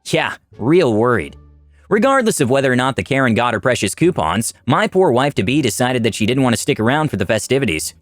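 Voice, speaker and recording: A man narrates reddit stories in a wry, expressive read, his pitch swinging widely. The voice-over is dry and close, with faint music beneath it. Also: fast, few pauses, no echo. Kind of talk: scripted story narration.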